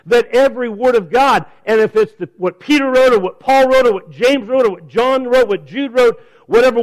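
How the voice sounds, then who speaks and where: High-voiced preacher, emphatic. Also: male voice, rough recording. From California. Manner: emphatic, slowing down to stress key phrases, repeats words when starting a thought. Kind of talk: sermon. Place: church service.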